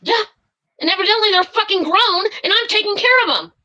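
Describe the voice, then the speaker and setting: A woman on a live-stream call vents her anger, swearing often and tripping over her words. Her voice sits high and comes across bright and sharp. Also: fairly quick, highs cut off. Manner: furious, swearing, rambling with many fillers. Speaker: caller.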